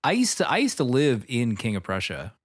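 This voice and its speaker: Animated man from the Philly area. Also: mid-range voice, brisk, breathy edge, dry recording, studio quality. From Philadelphia area. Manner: animated, incredulous, laughs mid-sentence. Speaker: podcast co-host. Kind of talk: casual chat.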